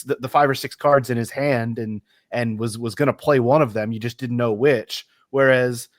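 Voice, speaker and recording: A man co-hosts a casual football podcast in a measured, analytical way, often restarting his sentences. His voice sits in a middle range and sounds dry and close. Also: medium pitch, no room sound. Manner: measured, analytical, stumbles over repeated words. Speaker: podcast co-host.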